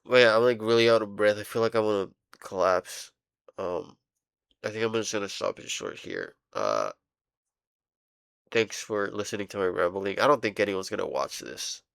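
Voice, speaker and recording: A young man rambling casually in a diary vlog, halting and full of fillers, swearing now and then while he plays a game. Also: lowish voice, animated, creaky, fairly bright tone, clean tone, no room sound, studio quality. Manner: playing a game while talking. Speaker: vlogger.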